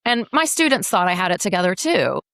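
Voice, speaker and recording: A woman in her forties, an educator speaking as a podcast guest, telling her story in a frank, animated, often profane way. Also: medium pitch, brisk, no room sound, studio quality. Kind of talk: candid casual interview.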